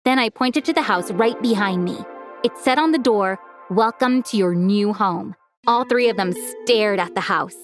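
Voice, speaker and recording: Woman, scripted storytime narration, brisk, expressive, fairly high voice, clear background music. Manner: brisk, expressive first-person telling.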